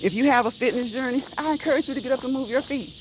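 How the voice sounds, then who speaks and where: A woman's voice: high-pitched, rapid-fire. A woman livestreaming as she walks outdoors, chatting casually with viewers, teasing and laughing often. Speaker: vlogger on a live walking stream. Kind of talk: casual chat while walking. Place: outdoors in a rural area, walking uphill. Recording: outdoor noise with insects.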